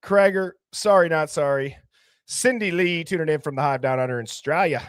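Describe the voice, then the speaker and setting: A man hosting a casual live stream, reading out viewer names and comments with loud greetings and laughs. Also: fairly high pitch, fast talker, no echo, studio quality. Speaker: livestream host.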